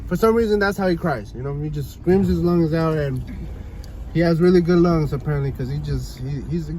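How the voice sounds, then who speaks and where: A man's voice: on the high side, brisk, warm tone, rough recording. A young man chatting casually on a couple's vlog, laid-back and leaning on "you know?" after nearly every thought. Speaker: vlogger. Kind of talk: casual chat. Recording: light background noise.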